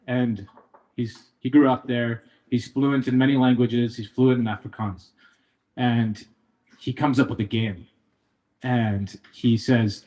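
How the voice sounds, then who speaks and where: A young Canadian man delivers a eulogy for his father at a memorial gathering, telling stories in a playful, joking, emotional way. His mid-range voice is darkish and fairly even in intonation, and he speaks slowly.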